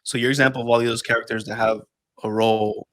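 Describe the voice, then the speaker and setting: A young man co-hosting a casual podcast chat, animated and profane, joking with friends. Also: medium pitch, very fast, a crowd in the background, poor audio. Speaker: podcast co-host.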